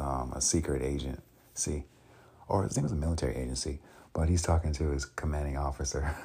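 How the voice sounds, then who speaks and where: A man vlogging in a casual, rambling way, with many pauses and restarts. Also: extremely low pitch, warm tone, breathy edge. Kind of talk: casual chat.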